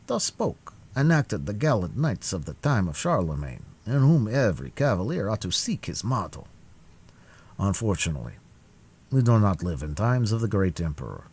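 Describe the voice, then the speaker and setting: A man reading a classic novel aloud on a live stream, cold. His low voice is husky and his pitch swings widely as he tells the story. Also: very animated, normal speed, darkish tone. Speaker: audiobook narrator.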